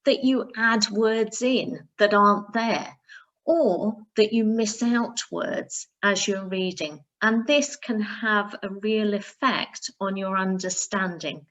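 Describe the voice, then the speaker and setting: A female primary school teacher gives a recorded reading lesson in a mid-range, fairly bright voice. She sounds out words slowly and carefully for her pupils.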